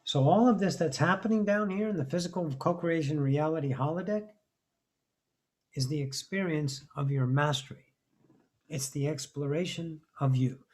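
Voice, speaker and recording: A man's voice: fairly high pitch, moderate pace, a little mellow. Intense, profane man giving a spiritual talk. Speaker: spiritual teacher.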